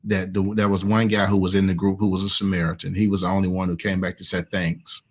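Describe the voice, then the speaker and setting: A man's voice: deep voice, little pitch movement, quick pace. A man with a Southern American accent, a pastor preaching conversationally over a video call and hammering key words through repetition. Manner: emphatic, repeats key words. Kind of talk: conversational online sermon.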